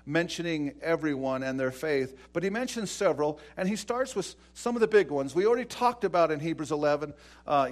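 A middle-aged pastor preaches with a fairly high voice. He tells stories with energy, acting out the dialogue. His delivery swings from loud, raised passages down to hushed, quiet lines. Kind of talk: sermon.

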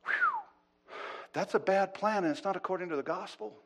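A man preaching a sermon. His delivery swings between loud, urgent pleading and low, hushed asides, and he often repeats words as he restarts a thought. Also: fast talker. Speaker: pastor.

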